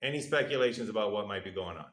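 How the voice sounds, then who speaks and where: Rapid-fire and expressive, a man with a fairly low, fairly bright voice delivers a university classroom lecture in a room with noticeable echo. His explanations go step by step in a playful way, and he lowers his voice to imitate the test subjects' replies.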